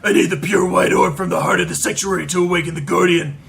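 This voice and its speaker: A man's voice: high-pitched, little pitch movement, fast talker, gravelly, a bit bright, exaggerated voice. A man voicing a desperate father reading out his urgent journal entries.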